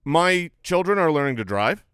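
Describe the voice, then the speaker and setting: A middle-aged man co-hosting a comedy podcast, telling a story in an animated way, laughing as he goes and shouting the punchlines. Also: a little high, moderate pace, smooth, no echo, clean studio sound.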